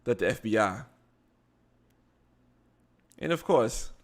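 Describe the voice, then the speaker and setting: A man's voice: lowish voice, expressive, slow. A man with a Baltimore accent, hosting a live show, reading news aloud with stumbles and blunt asides. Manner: reads articles aloud, stumbling over words and adding blunt asides.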